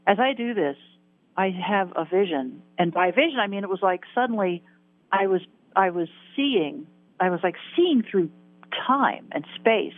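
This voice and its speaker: A woman's voice: medium pitch, no room sound. A woman in her sixties, an interview guest, tells a personal story in an earnest, vivid way, repeating phrases for emphasis. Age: 60s. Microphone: telephone. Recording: tinny phone line.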